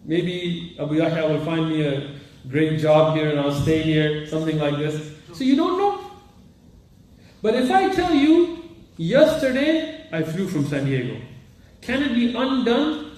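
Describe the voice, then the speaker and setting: A man's voice: fairly high pitch, animated, a little slow, a little mellow. A man teaching a class of students on Quran commentary and Arabic grammar. He quizzes his students and mixes Arabic terms into his English. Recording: very echoey room, voice far from the mic.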